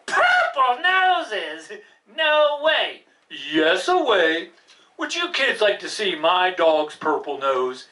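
Woman playing a goofy chuckly puppet dentist guy, bright and bouncy, mic kinda far. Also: medium pitch, huge pitch swings, takes it slowly, exaggerated voice. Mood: playful. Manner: goofy, chuckling, coaxes children to answer. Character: jolly, silly adult male puppet dentist. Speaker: puppet show host talking to kids. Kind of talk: live puppet show.

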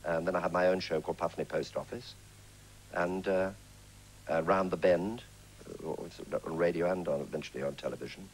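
A man's voice: sits low, brisk, low-quality recording. An English actor in his sixties telling anecdotes in a chat show interview, slipping into character voices and laughing. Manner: lively storyteller, breaks into character voices and laughs. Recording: 1980s TV studio, faint hiss.

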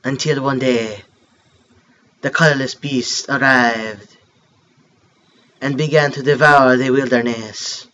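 A man voicing a solemn creature telling a creation myth, in a hushed, dramatic delivery with a mock French accent. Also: medium pitch, steady tone, slow, pauses often, lo-fi sound, pitched below the performer's own voice. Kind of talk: reading game text aloud.

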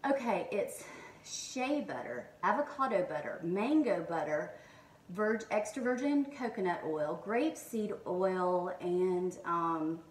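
A middle-aged woman, chatting excitedly in a home kitchen as she unboxes beauty products, reading labels aloud with lots of ums. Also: fairly low pitch, slow pace, recorded from a distance. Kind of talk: casual haul and unboxing chat.

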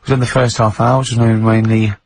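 A man's voice: on the low side, level tone, a little fast, vocal fry, slight background noise. A man hosting a radio show in casual banter, joking and laughing often. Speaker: radio host.

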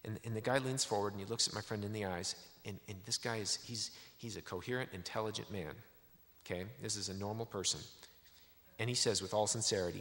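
A man's voice: fairly low pitch, fairly even intonation, fast talker, fairly bright tone. A man giving a sermon in a church, telling a story with many restarts. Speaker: preacher. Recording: echoey church hall.

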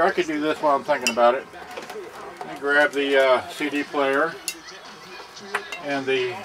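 Bright-voiced man thinking aloud. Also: on the high side, poor audio. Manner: halting, thinks aloud while working. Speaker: seller demonstrating a serviced stereo. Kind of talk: casual product demonstration.

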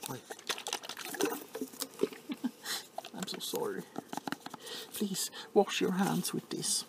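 A man playing an overly attached, sentimental pharmacist in a whispered role-play, softly fussing and apologizing. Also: sits high, drawn-out words, gravelly, background noise, full character voice. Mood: apologetic.

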